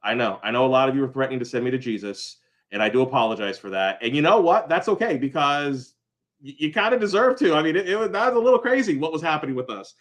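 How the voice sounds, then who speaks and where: A man's voice: medium pitch, expressive, quick pace. Rambling apologetic man in a vlog. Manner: rambling, apologetic, many fillers and restarts. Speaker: host of a small crafts business channel. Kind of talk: casual vlog update.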